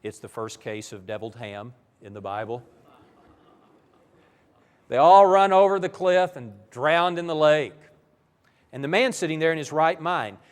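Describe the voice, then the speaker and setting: Animated preacher in an echoing church. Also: male voice, fairly high pitch, measured pace, pauses often, smooth. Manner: animated, vivid storytelling. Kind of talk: sermon-style Bible lesson.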